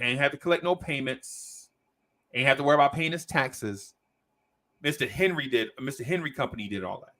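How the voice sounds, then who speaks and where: A man hosting a casual podcast, telling a story in a slangy, animated way and checking in with "right?" as he goes. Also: mid-range voice. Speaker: podcast host.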